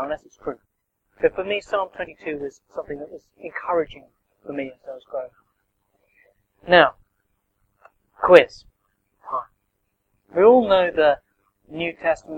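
A man's voice: on the high side, narrow, tinny audio. A man giving an interactive sermon, talking conversationally and quizzing the congregation. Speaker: preacher.

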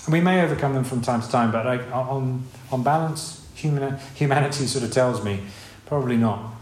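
Chatty preacher in a roomy hall. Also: male voice, medium pitch, moderate pace. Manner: conversational, rambling with restarts and asides. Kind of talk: informal sermon. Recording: roomy hall with faint ambience.

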